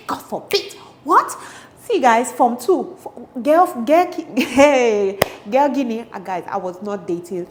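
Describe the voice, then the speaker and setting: A young adult woman telling a story from her school days in a lively storytime vlog, with loud exclamations and quoted dialogue. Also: fairly low pitch, a little hiss or hum. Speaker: vlogger.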